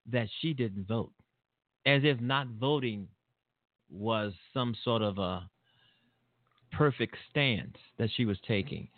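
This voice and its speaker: A man's voice: medium pitch, no room sound. A man hosting a talk show, giving a blunt, rambling political monologue full of fillers and repeats. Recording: tinny phone-like line.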